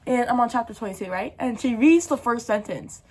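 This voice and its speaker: A woman's voice: fairly high pitch, a little fast. Chatty teenage girl telling a storytime. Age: teens. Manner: animated, ranting, laughs through the story. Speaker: book vlogger. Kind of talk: casual storytime chat.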